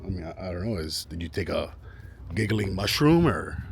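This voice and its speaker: A man's voice: low-pitched, big pitch swings, moderate pace, slight background noise. Rambling man vlogging outdoors. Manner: rambling, repeats words and restarts often. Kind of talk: casual chat to camera. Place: outdoors in a residential neighborhood.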